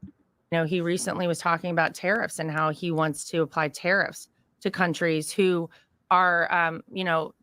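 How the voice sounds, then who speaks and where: A woman answering interview questions with steady, assertive talking points. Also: on the low side, moderate pace, smooth, dry recording, clean studio sound. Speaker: interview guest.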